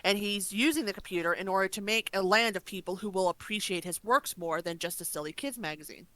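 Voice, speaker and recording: A woman co-hosting a casual review podcast, explaining plot points in measured turns. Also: mid-range voice, bright, forceful tone, no echo, poor audio. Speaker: podcast co-host.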